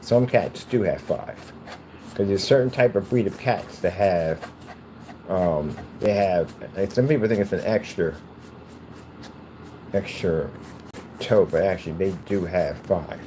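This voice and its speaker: Brief: a playful, rambling man with a lowish voice, chatting as he works. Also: a little slow, pauses often, warm tone, slight background noise. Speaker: cardboard PC case builder. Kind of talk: casual chat while crafting.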